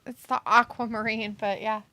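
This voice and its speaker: A woman's voice: a little high, level tone, moderate pace, sharp tone. A woman co-hosting a casual watch-along stream, chatting, teasing and reading viewer comments aloud. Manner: giggly, teasing.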